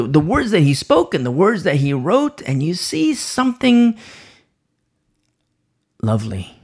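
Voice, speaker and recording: A man teaching the Bible informally from the pulpit, with a sore throat and frequent restarts and repeated words. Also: a little high. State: sore throat, pausing to sip coffee. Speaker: preacher.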